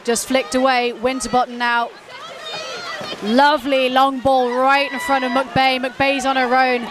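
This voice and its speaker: A woman calls a live match in quick play-by-play, her voice pitched a little high and lifting into shouts when play turns exciting. A loud crowd and steady outdoor noise sit behind her throughout. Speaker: commentator. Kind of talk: live sports commentary.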